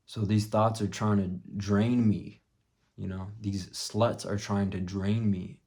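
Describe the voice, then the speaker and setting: A young man vlogging, telling a story bluntly with plenty of swearing and dropping to a hush for his own thoughts. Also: lowish voice, flat delivery, slow. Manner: profane, blunt, drops to a muttered hush for quoted thoughts. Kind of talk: casual storytelling vlog.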